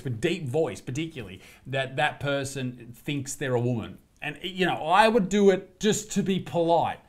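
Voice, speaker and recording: A man with an Australian accent hosting a crude comedy reaction video, brash and profane. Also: mid-range voice. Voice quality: brash and profane, mock outrage. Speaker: comedy commentary host.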